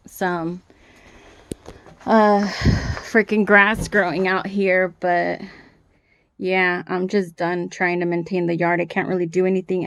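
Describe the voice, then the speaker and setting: A woman's voice: lowish voice, vocal fry. A woman vlogging in her yard about work on her rural home, talking frankly and swearing freely as she gets frustrated. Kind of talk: casual vlog monologue. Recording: faint wind and outdoor noise.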